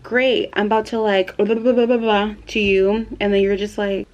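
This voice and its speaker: A woman's voice: mid-range voice, little pitch movement, normal speed, highs cut off. A young woman in her twenties vlogging casually to camera at home. She is chatty and giggly and fills her talk with "like". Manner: chatty and giggly, full of "like" fillers.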